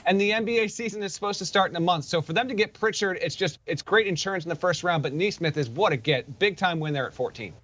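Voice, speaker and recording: A man giving energetic, enthusiastic basketball analysis. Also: sits high, fast talker, few pauses, muffled recording. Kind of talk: sports analysis.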